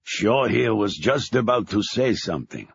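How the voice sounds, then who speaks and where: A man doing a booming German father. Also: expressive, moderate pace, vocal fry, breathy edge, no room sound, exaggerated voice. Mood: hearty. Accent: heavy German. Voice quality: booming, hearty. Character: big jovial German father, middle-aged. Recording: dull lo-fi recording.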